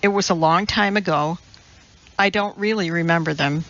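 A woman reading the lines of a blunt, reserved young man in a flat, matter-of-fact way. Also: lowish voice, normal speed, dull audio.

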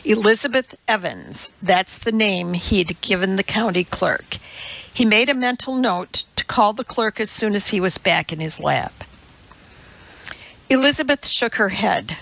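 A woman reads a novel in an unhurried, calm voice, with a gravelly texture running through her speech. The audio is dull and somewhat lo-fi. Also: medium pitch, no echo. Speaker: audiobook narrator. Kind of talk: scripted narration.

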